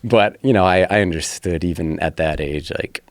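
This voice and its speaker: A man's voice: low voice, normal speed, no echo. A man in his thirties, a fighter and podcast guest, telling his personal story in an earnest, blunt way with some swearing.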